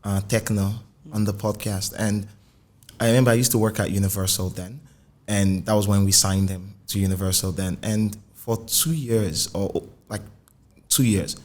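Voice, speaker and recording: A man hosting a music podcast, asking questions in a relaxed, conversational way. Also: fairly low pitch, normal speed. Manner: conversational, frequent short affirmations. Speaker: podcast host, music journalist. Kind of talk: casual interview.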